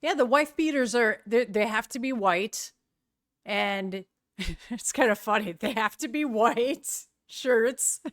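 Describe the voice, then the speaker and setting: A woman's voice: fairly high pitch, takes it slowly, dry recording, clean studio sound. A middle-aged woman streaming live, chatting casually with viewers in a rambling way and often searching for words.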